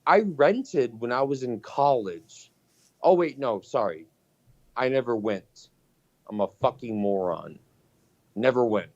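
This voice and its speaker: Man, casual podcast chat, cursing a lot, swooping pitch, unhurried, muffled recording. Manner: profane, animated storytelling.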